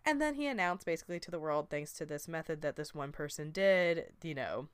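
Smooth-voiced woman chatting casually. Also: low voice, fairly quick, no echo. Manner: chatty, animated, lots of fillers and acted-out quotes. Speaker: podcast co-host. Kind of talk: casual chat reviewing a movie.

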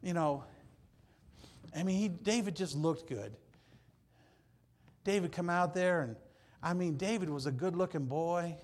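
A man preaching a sermon, telling the story with animated, acted-out scenes that swing from loud to hushed. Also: fairly high pitch, unhurried, long pauses.

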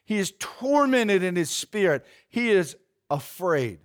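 A man preaching a sermon, retelling a story with animated, conversational energy. His voice sits noticeably high, and he uses casual fillers as he goes. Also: slow.

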